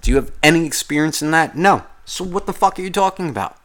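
A man's voice: a little high, lively intonation, quick pace, a bit bright. Profane rambling man ranting on a podcast. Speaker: podcast host. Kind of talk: casual ranting monologue.

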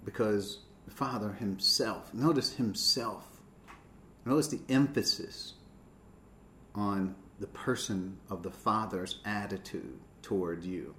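A man's voice: fairly low pitch, slow pace, fairly bright tone, echoey room, slight background noise. A man preaching a sermon, stressing key words by rising and dropping his voice.

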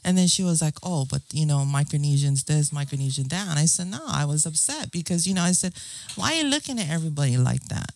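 A woman's voice: low voice, lively intonation, quick pace, vocal fry, darkish tone, slight background noise. A middle-aged woman from Guam, talking earnestly in a casual interview and often asking "you know what I'm saying". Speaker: guest.

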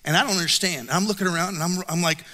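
A middle-aged man preaching with a high, bright, forceful voice. He tells stories with playful self-mocking humor. His voice rings out with the long reverb of a large church hall. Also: rapid-fire. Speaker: pastor. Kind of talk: sermon. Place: church auditorium.

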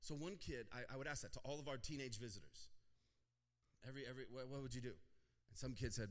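A man preaching to his congregation, mid-pitched and easygoing as he tells a story. He slips into the voices of the people in it and talks it through casually. Then he climbs to loud, pressing points. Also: fast. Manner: conversational, acts out dialogue, builds to loud emphatic peaks. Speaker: pastor. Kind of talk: sermon with storytelling.

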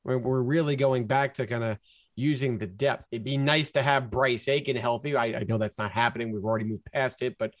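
A man's voice: medium pitch, steady tone, brisk, no echo. A man co-hosting a casual sports podcast, animatedly walking through game sequences. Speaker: podcast co-host.

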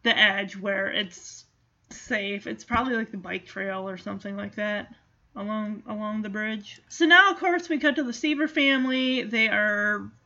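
A woman giving a chatty, animated casual recap of a movie, with asides to the listener. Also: medium pitch, moderate pace, dull audio.

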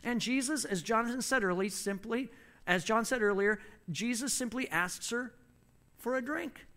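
A man preaching a sermon in an emphatic, storytelling way. His voice is fairly high and bright. He pauses between phrases so an interpreter can translate.

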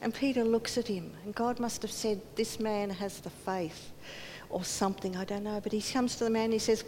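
A woman's voice: fairly even intonation, normal speed, a little mellow. A woman giving a sermon in earnest tones, acting out quoted voices and dropping to near whispers. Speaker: preacher. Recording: hall reverb, faint rumble.

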